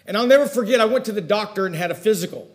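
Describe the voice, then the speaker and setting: High-voiced preacher telling stories. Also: male voice, very fast. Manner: storytelling, swings between loud emphatic lines and hushed asides. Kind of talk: sermon.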